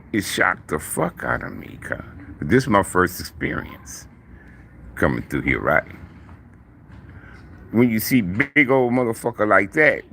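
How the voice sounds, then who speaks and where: A middle-aged man telling stories casually in a profane, slangy, animated way. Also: low-pitched, a little hiss or hum. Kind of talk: casual storytelling.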